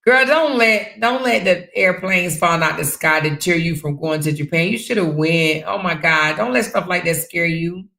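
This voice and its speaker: A woman hosts a casual livestream, talking straight to her viewers and reading out their comments. Her voice has a gravelly edge, and she gets loud and animated when she tells a story, swearing freely as she goes. The sound is a bit roomy and echoey. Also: on the low side, moderate pace, few pauses. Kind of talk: casual chat.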